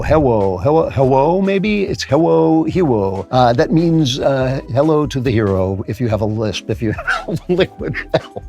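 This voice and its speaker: A man's voice: mid-range voice, very animated, normal speed, dark tone, soft background music. A man in his late seventies hosting a comedic talk segment, dry and sarcastic, muttering asides as he guesses. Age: 70s. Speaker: show host.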